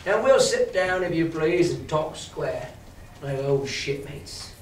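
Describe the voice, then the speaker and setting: Man doing a sly old pirate, hushed and slow, storybook reading, distant mic, faint room noise. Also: on the high side, expressive. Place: classroom. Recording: echoey classroom from far off.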